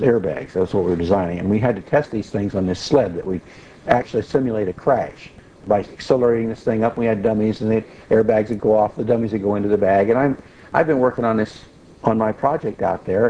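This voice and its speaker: A man's voice: fairly low pitch, highs cut off, slight background noise. Folksy man telling a teaching story. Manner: folksy, animated when retelling, restarts often. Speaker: Bible teacher.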